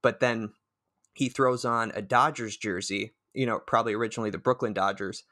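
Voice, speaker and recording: A man's voice: lowish voice, steady tone, a little fast, pushed and bright. A man co-hosting a casual movie podcast, chatting eagerly about sports references. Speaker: podcast co-host.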